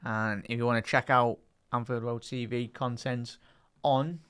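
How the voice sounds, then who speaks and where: A young man with a Liverpool accent hosts a live football watch-along and talks casually with his chat between plays. When the action picks up he moves into quick play-by-play calls. His voice is smooth and clear, sits at a middle pitch, and is recorded dry and close. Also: steady tone, a bit bright, dry recording. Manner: chatty, reads live chat aloud and lifts into play-by-play calls. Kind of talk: live match-day watch-along commentary.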